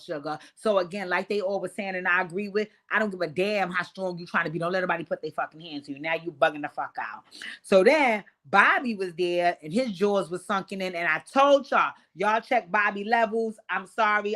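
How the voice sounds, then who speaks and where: Woman host, casual recap, brash and profane delivery, animated storyteller. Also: on the low side. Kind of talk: casual reality-show recap.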